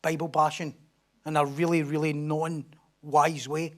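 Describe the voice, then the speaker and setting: A man preaching a sermon as pastor, animated, acting out crowd voices and swinging from loud declarations to hushed asides. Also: fairly high pitch, unhurried. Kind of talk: expository sermon.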